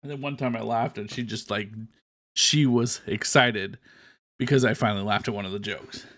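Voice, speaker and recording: A man co-hosting a casual movie chat, lively and prone to jumping high in pitch when quoting. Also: normal speed, dry recording. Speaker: podcast co-host.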